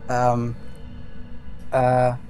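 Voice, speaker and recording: A woman's voice: very deep voice, completely flat delivery, extremely slow, dark tone, soft background music. A woman with a British accent, bantering and joking in casual talk while streaming a ghost-hunting game. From Britain. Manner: joking, cheeky, mock-pleading.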